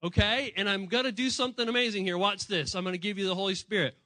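A man preaching a sermon as pastor, speaking in a conversational way, acting out voices of the people he quotes and swinging between hushed and emphatic delivery. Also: sits high, fairly even intonation, fast talker, no echo, poor audio.

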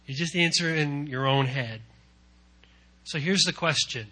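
A man preaching a sermon in a conversational way, swinging between hushed lines and loud emphatic ones, with repetition and asides. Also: fairly high pitch, a little slow. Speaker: pastor.

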